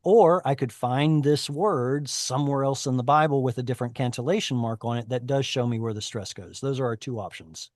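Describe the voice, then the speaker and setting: A man's voice: medium pitch, a little fast, hardly any pauses, a little mellow, no room sound, studio quality. A man teaching a Hebrew reading class over a video call, explaining at length and correcting himself often. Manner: explanatory, self-correcting, chatty.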